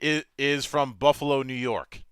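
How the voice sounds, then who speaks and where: A man's voice: mid-range voice, fairly even intonation, normal speed, over a noisy crowd. A man in a casual podcast chat, making digressive asides with many restarts.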